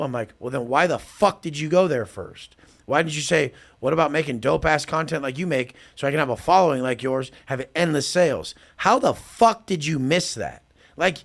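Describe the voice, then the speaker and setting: A man's voice: medium pitch, creaky. A man talking as a podcast guest, brash and profane, mocking people as he acts out both sides of past conversations. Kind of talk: casual podcast talk.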